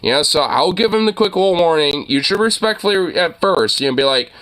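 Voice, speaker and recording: A man's voice: on the high side, expressive, fairly quick, hardly any pauses, a bit bright. A young man in casual, profane reaction chat, rambling and getting heated.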